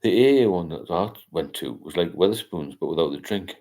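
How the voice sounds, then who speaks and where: A man's voice: low voice, lively intonation, brisk, a little mellow. An older man, hosting a casual late-night livestream and rambling as he reads out viewer comments. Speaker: livestream host.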